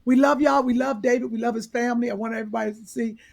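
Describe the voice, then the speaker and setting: A woman co-hosting a podcast in casual chat, throwing in quick playful remarks. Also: fairly high pitch, fairly even intonation, vocal fry, darkish tone. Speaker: podcast co-host.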